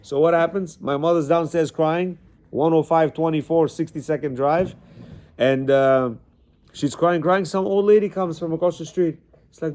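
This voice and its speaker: A man with a voice on the high side teaches a class to a room of men. His manner is animated and conversational, and he often repeats words as he goes. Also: normal speed. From Central Asia, Bukharan Jewish family. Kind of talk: lecture with stories. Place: classroom with a small group of men.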